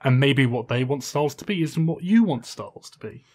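A man's voice: mid-range voice, lively intonation, a little fast, darkish tone. A man co-hosting a podcast in casual chat, earnestly and steadily laying out an argument. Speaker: podcast co-host.

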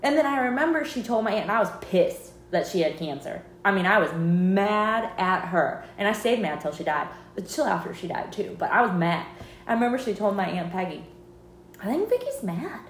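A woman's voice: medium pitch, brisk. A woman co-hosting a podcast, telling a personal story in casual chat and acting out the voices of the people in it. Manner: animated storyteller, acts out quotes, laughs often. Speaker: podcast co-host. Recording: echoey room, faint noise.

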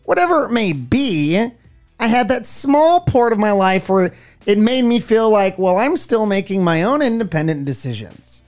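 A man's voice: high-pitched, normal speed, soft background music. A middle-aged man co-hosting a radio show, chatting casually and telling stories with lots of expression. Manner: animated storytelling, acts out voices. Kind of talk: casual chat.

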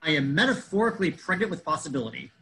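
A man's voice: on the high side, animated, rapid-fire, pushed and bright, poor audio. Wordy, pedantic man telling a story. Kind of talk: scripted comedic storytelling.

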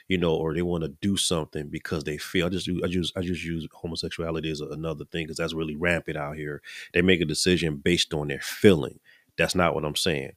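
Deep-voiced middle-aged man preaching earnestly. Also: fairly bright tone, dry recording, studio quality. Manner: earnest, repeats and restarts words. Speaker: podcast host. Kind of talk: casual preaching talk.

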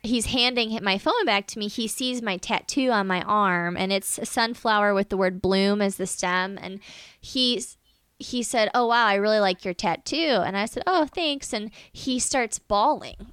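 A woman telling a personal story in a casual chat, animated and acting out what other people said. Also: mid-range voice, normal speed, clean tone, no room sound. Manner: animated, acts out the quoted voices of others.

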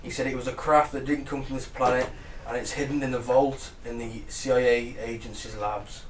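A man's voice: mid-range voice, little pitch movement, fairly quick. A man co-hosting a casual podcast chat, tossing out odd trivia in an offhand way, often chuckling. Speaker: podcast co-host. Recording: echoey room, distant mic, faint noise.

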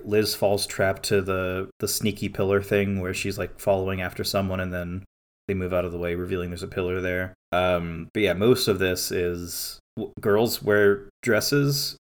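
A man co-hosting a podcast, recapping an episode in a loose, rambling way with lots of fillers. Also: low-pitched. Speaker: podcast co-host. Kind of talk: casual chat.

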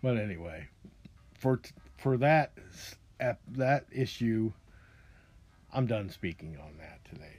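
A man's voice: lowish voice, lively intonation, a little slow, a little mellow, breathy edge. A man hosting a podcast, ranting in a rambling, profane monologue full of restarts and asides. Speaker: podcast host.

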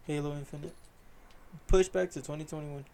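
A man's voice: fairly high pitch, fairly even intonation, brisk, warm tone. Swearing, laid-back young man. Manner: laid-back, swears freely, laughs often. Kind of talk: casual chat.

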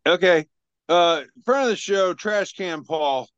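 Hesitant man, smooth voice, lo-fi call. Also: high-pitched, expressive, slow, a bit bright, no room sound. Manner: hesitant, many ums and uhs. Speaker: podcast regular reading memes. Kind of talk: casual chat. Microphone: video call.

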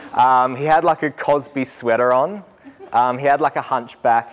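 A young man, a student teacher telling a lively story to a group and laughing as he goes. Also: lowish voice. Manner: animated, laughing, acts out voices in anecdotes. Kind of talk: storytelling talk.

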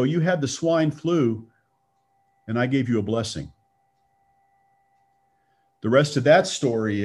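Telling a personal story of faith, this middle-aged man from Texas speaks in a mid-range, darkish voice. His storytelling is conversational, and he acts out the lines he quotes.

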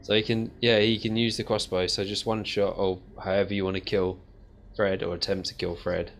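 A man narrating and running a tabletop game as game master, with playful, animated storytelling. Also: low-pitched, brisk, creaky.

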